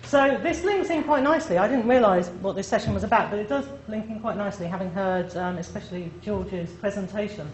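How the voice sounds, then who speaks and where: A woman's voice: mid-range voice, brisk, few pauses. A woman speaks to a room of listeners in a friendly, self-deprecating way, often checking in with them. The sound is roomy and echoey, with a faint hiss underneath. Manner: chatty, self-deprecating, addresses audience directly. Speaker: presenter. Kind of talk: conference presentation. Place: lecture room.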